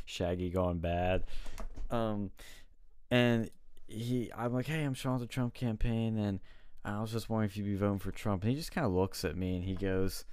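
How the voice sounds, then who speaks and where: Deep, smooth-voiced young man telling stories. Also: normal speed, no echo, studio quality. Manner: animated storyteller acting out quotes, swears and laughs often. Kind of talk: casual chat, storytelling.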